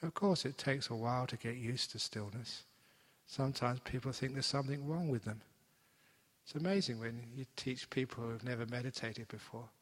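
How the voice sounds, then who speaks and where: A man giving a gentle, playful meditation talk as a teacher, slowing down for emphasis. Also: mid-range voice. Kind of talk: dharma talk. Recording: long hall reverb.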